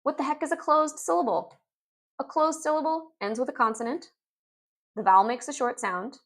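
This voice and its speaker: A woman explaining reading lessons in an upbeat instructional video, sounding out letters and words slowly. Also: sits high, a bit bright. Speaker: literacy teacher.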